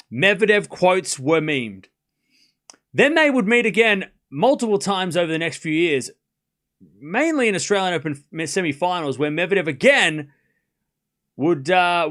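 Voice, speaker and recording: A man's voice: a little high, fairly bright tone. A young man hosting a live stream, chatting casually and rambling, often repeating himself. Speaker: host.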